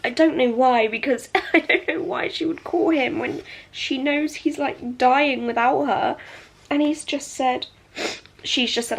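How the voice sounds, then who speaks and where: Young woman rambling about her books at home, chatty, kinda high voice. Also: moderate pace, creaky, slightly rough. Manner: chatty, gushing, lots of fillers. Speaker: book vlogger. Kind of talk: casual reading vlog.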